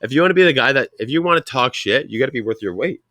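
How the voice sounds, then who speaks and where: Fast-talking, rambling, profane man. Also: mid-range voice, expressive, bright, forceful tone, no room sound, studio quality. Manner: rambling, profane, repeats himself. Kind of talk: casual chat.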